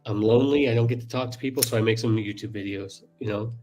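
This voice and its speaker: A man's voice: lowish voice, quick pace, a little mellow, faint music behind. A man hosting a knife channel's livestream, talking candidly and swearing. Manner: teasing, candid, swears freely. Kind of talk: casual livestream chat.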